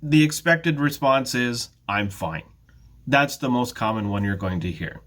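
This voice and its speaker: Canadian man, middle-aged, ESL teacher, slow clear lesson, patient, careful intonation. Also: mid-range voice, expressive, a bit bright. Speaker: ESL teacher, head of academics.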